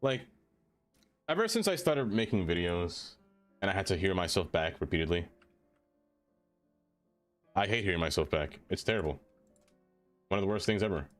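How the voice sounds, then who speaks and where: A low-voiced man talks casually through a live game stream, drifting from topic to topic as he replies to chat. His manner is self-deprecating and loose. Soft music plays faintly underneath. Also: very animated, normal speed, long pauses. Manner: rambling, self-deprecating, answers chat aloud.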